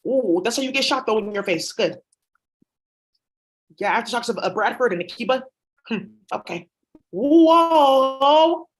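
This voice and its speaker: A woman's voice: on the high side, expressive, unhurried, long pauses. A woman vlogger talking in a rambling, blunt, profane monologue. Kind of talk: casual monologue.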